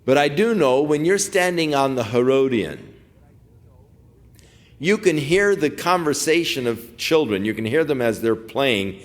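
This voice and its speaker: A man's voice: mid-range voice, big pitch swings, a little slow. A man teaching through a Bible passage as a pastor, talking conversationally with digressive asides.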